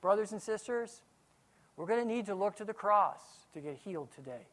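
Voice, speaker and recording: A man, a pastor, preaching a sermon, swinging from quiet asides to loud outbursts. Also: high-pitched, expressive, fairly quick.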